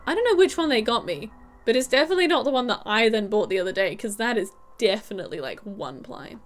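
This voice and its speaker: A woman's voice: a little high, expressive, fast talker. A young woman streaming a game and chatting casually and giggly with her viewers. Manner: chatty, giggly, talks to chat. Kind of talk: casual gaming stream chat.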